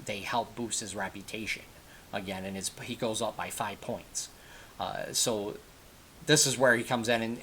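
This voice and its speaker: A man with a lowish voice recaps a TV episode in loose, conversational fashion. He rambles, circles back and corrects himself as he goes. A faint hiss sits under the recording. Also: fairly bright tone. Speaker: TV episode reviewer. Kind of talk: casual spoken episode recap.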